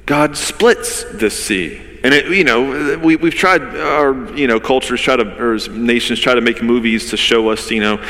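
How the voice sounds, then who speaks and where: A man's voice: medium pitch, unhurried, few pauses, a bit bright. A man, a pastor, giving a conversational sermon with vivid storytelling and rhetorical questions. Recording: long reverb of a large hall.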